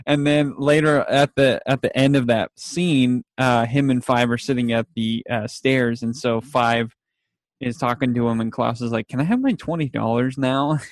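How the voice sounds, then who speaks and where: Man, casual recapper, animated storyteller with laughs, dry close mic. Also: mid-range voice, moderate pace, dry recording. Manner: animated retelling with laughs and acted quotes. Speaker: podcast co-host.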